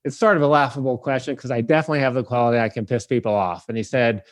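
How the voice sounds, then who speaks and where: Animated man telling a story, dry. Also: medium pitch, racing, no room sound. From Detroit area. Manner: animated, acts out the people in his story. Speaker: podcast host telling a story. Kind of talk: casual storytelling.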